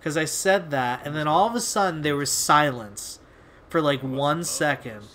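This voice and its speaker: A man's voice: on the high side, expressive, normal speed, a bit bright. Rambling young man telling a story. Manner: rambling, laid-back, swears often, many fillers. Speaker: video host. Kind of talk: casual storytelling to camera.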